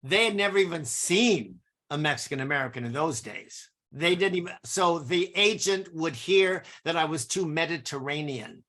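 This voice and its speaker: A man's voice: on the high side, expressive, normal speed, hardly any pauses, bright, forceful tone. An older man from East Los Angeles hosting a live-streamed interview, chatty, opinionated and teasing his guests. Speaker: host.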